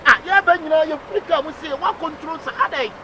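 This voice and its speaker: A man playing a bossy interpreter who speaks broken English mixed with local phrases and insists he is not shouting. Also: very high voice, fast. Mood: stubborn. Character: bossy male interpreter mangling English, loud. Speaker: hired interpreter escorting a young woman. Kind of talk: street comedy sketch. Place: busy urban street outdoors. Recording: outdoor street recording with loud traffic noise.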